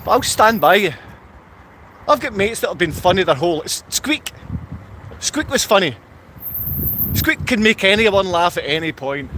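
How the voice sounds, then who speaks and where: A Scottish man talks off the cuff on a live stream, his voice sitting a touch higher than most men's. He wanders from one thought to the next and answers the comments he reads out. Faint traffic hums behind him in an outdoor car park. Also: animated, normal speed, long pauses, bright, forceful tone. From Scotland. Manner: rambling, reads viewer comments aloud and answers them. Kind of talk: rambling live-stream monologue.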